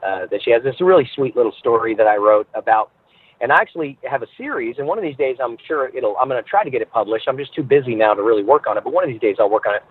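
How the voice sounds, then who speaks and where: Man, guest storyteller, acts out voices, husky, dry tinny phone line. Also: medium pitch, lively intonation, racing, no echo. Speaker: guest entertainer. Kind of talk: podcast interview, storytelling.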